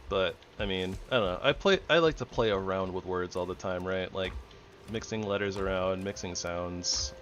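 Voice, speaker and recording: A man's voice: sits low, moderate pace, a bit bright, a little hiss or hum. A young man chatting casually and rambling while he plays a game, chuckling often. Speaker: gaming streamer. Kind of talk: casual gameplay chat.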